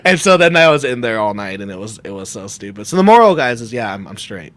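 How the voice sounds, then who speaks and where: A man's voice: lowish voice, fast. A young man, a podcast guest, telling a long story in casual chat and acting out the people in it. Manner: animated storyteller, acts out quotes with shouts and laughs. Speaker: podcast guest, comic creator.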